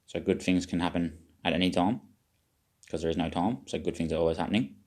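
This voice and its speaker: A man's voice: sits low, fairly even intonation, fairly quick, a little mellow. A man giving a rambling, self-questioning spiritual monologue to his viewers, swearing now and then. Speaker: vlogger.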